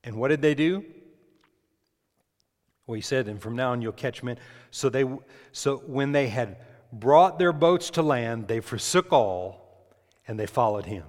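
A man's voice: mid-range voice, expressive, unhurried, long pauses, a little mellow, in a large hall. A man preaching a sermon to a congregation, emphatic, putting questions to the listeners. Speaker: pastor.

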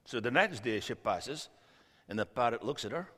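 A man's voice: medium pitch, animated, moderate pace. Joking man preaching in a reverberant church. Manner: joking, storytelling, big swings in loudness. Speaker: guest preacher. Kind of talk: sermon. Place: church sanctuary. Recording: long reverb of a church hall.

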